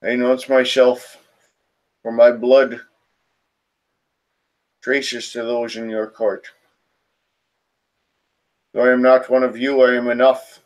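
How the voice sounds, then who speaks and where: A man voicing a proud male spirit-warrior with a deep, throaty voice that has a roar to it, making grave proclamations. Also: flat delivery, slow, pauses often, natural voice. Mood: proud, warning.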